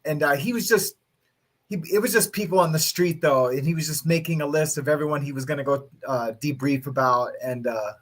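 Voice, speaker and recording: Man, fairly high voice, halting, filler-heavy casual talk. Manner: halting, many fillers and restarts. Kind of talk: casual chat.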